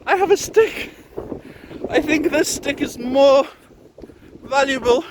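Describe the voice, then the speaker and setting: A man in his thirties with a very high voice vlogs slowly as he walks along a windy beach, tired and a little out of breath. He rambles in a mock-grand, jokey, profane style. Wind noise rushes over his phone mic.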